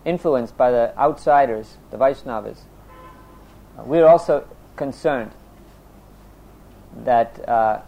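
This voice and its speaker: A man teaching a religious class, reading a scripture text steadily, then explaining it with pauses and fillers. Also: creaky, dark tone, poor audio. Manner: chants prayers in a low voice.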